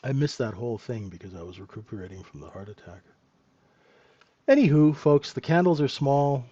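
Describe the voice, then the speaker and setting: A man's voice: fairly low pitch, animated, quick pace, dark tone, slightly rough, no echo, lo-fi sound. A middle-aged man hosting a live trading room, chatting casually and joking with viewers, laughing often. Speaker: trading room host and mentor.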